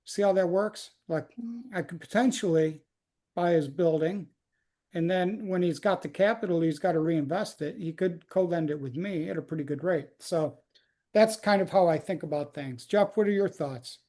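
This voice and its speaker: A man's voice: fairly high pitch, moderate pace, warm tone. Chatty man hosting a lending roundtable. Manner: loose, chatty, lots of likes and ums. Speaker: host. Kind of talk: casual webinar talk.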